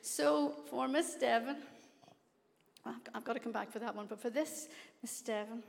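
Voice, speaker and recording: An older woman with a Northern Irish accent, a guest preacher talking effusively to a church and breaking into excited exclaims and laughs. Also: fairly high pitch, moderate pace, vocal fry. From Northern Ireland. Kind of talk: warm church address. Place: large church sanctuary. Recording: long hall reverb.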